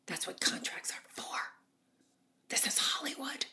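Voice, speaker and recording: Norma Desmond, a woman doing a husky ghost diva. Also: unhurried, pushed and bright. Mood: imperious. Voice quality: husky low whisper. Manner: imperious, drawling, grandiose. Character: haughty aging female silent-film diva ghost.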